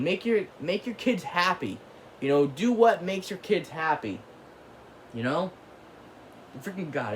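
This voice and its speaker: The host of his own channel goes on a rambling, casual rant in a fairly high voice, peppered with filler words and mild curses. A bit of hiss or hum sits under the audio.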